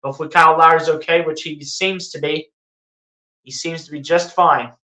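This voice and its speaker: An excitable fan calls basketball play-by-play live with a bright, forward tone. The voice rings in a roomy, echoey space. Calm calls keep turning into sarcastic jabs and pleading outbursts. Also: mid-range voice, normal speed. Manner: excitable, rises into sarcastic rants and pleas.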